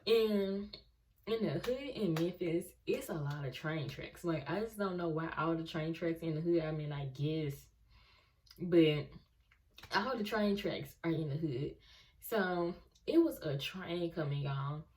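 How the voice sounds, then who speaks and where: A woman's voice: deep voice, measured pace. A young woman telling a story casually and animatedly to her viewers. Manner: animated, talks straight to viewers. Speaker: vlogger.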